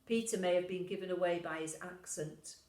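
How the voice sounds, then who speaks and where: A woman minister reading a pastoral letter in a gentle, reflective way. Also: lowish voice, fairly quick, echoey room, low-quality recording. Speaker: Methodist minister. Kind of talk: pastoral letter read aloud.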